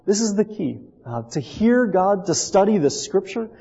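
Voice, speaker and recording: Gravelly, mellow-voiced pastor preaching. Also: male voice, high-pitched, sing-song, normal speed. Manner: earnest, repetitive, with many restarts. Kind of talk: sermon. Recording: dull lo-fi recording with long hall reverb.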